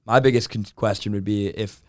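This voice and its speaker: A young man speaks as a guest sports analyst in casual talk, measured and hedging his points. His voice is low and fairly flat in its tune, but smooth and clear. The sound is close and dry. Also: no echo. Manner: measured, hedging with "I think" and "you know".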